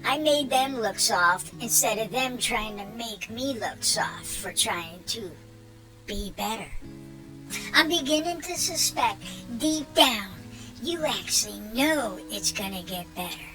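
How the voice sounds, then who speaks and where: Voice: mid-range voice, slow pace, poor audio. A performer voicing a chatty, hyped-up male robot buddy who talks at length and mocks those who pester him. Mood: gleeful. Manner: long-winded, animated, mocking. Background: clear music.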